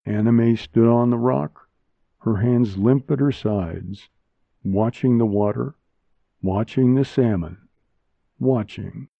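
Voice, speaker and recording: A man narrating a short story as a volunteer reader, in a measured, hushed delivery recorded with a dull, lo-fi sound on a close mic. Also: medium pitch, creaky, no echo. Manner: slow, measured, hushed reading. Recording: dull lo-fi dry studio sound.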